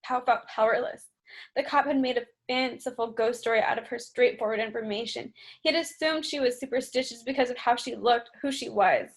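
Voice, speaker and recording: Higher-voiced woman narrating an audiobook. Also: brisk. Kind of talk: scripted narration.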